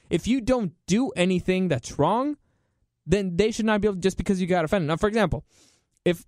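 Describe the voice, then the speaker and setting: A man's voice: a little high, darkish tone, no echo, studio quality. A man hosting his own show, giving opinionated solo commentary in an emphatic, profane rant. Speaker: podcast host.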